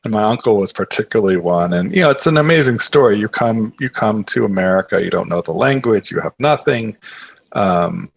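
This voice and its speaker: A man being interviewed as a guest, telling a story in a rambling, animated way with many filler phrases. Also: on the low side, fairly quick, creaky. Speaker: guest, author and investor.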